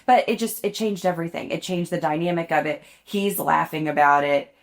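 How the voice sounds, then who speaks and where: A woman with a deep voice talks fairly quickly as a podcast co-host, chatting casually and telling stories. She frequently laughs and likes to make fun of herself.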